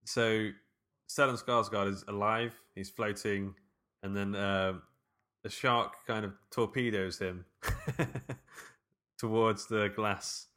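A man's voice: on the low side, steady tone, slow, pauses often, fairly bright tone. A man co-hosting a casual film commentary chat, rambling with fillers and frequent laughter. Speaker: podcast co-host.

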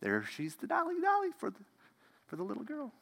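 A man preaching a storytelling sermon as pastor, animated and dropping to a hush at key moments. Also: high-pitched, brisk, creaky, in a large hall.

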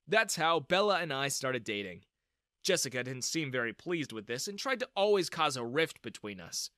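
A man narrates a first-person story with expressive, lively delivery. His voice sits a bit high and sounds bright. The recording is dry and close to the mic. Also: dry recording.

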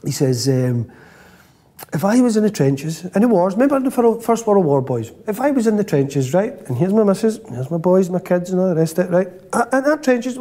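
A man's voice: sits high, fairly quick. A man, a former footballer, telling a dressing-room anecdote and checking in with "right?" as he goes. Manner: lively, peppers lines with "right?". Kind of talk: storytelling anecdote.

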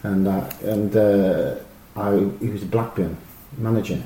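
A middle-aged man, a former footballer, telling animated, rambling stories full of fillers and restarts. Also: on the low side, unhurried. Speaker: former professional footballer, guest. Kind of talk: casual anecdotal storytelling. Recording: roomy echo with faint noise.

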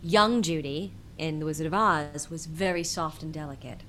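A woman impressionist with a husky voice, chatting animatedly as an interview guest and laughing often. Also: low voice, normal speed, a bit bright, slight background noise. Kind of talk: casual interview chat.

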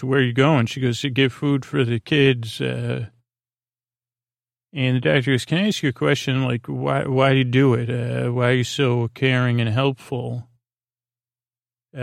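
A man hosting a sleep podcast, retelling an episode in a meandering, hesitant way with many pauses and restarts. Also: medium pitch, gravelly, no room sound, clean studio sound. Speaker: podcast host.

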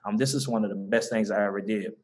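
A man's voice: on the low side, fast. Earnest young Southern man. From American South. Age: young adult. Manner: earnest, animated, many fillers and restarts. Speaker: guest, mentoring organization founder. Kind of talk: casual conversational interview.

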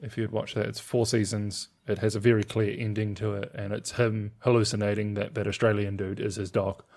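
A man's voice: fairly low pitch, little pitch movement, a little fast, darkish tone. A man co-hosting a podcast, chatting loosely about movies and shows, rambling and laughing easily. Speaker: podcast co-host. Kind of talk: casual chat about movies.

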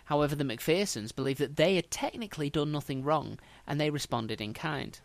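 A man's voice: on the high side, brisk, vocal fry, no echo. A man hosting a podcast, telling history as a casual story with dry, wry humour.

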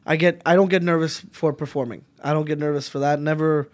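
A man's voice: a little high, a little fast. Man from Montreal telling rambling stories. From Montreal, Canada. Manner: rambling, animated storytelling with frequent restarts. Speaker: comedian guest. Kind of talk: casual podcast chat.

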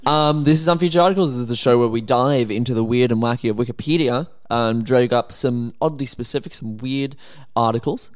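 A man's voice: mid-range voice, fairly quick. Easygoing man co-hosting. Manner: easygoing, joking, lots of fillers. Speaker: podcast co-host. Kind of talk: casual chat.

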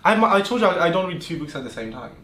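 A man's voice: sits high, sing-song, fast, fairly bright tone. A man hosting a podcast, bantering playfully and laughing often. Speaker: podcast host. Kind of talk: casual banter. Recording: echoey room, faint background hiss.

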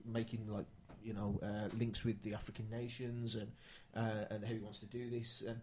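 A man's voice: fairly low pitch, little pitch movement, moderate pace, noisy background. A man co-hosting a film podcast, arguing his point with lots of fillers. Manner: argumentative, hesitant fillers. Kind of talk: casual chat.

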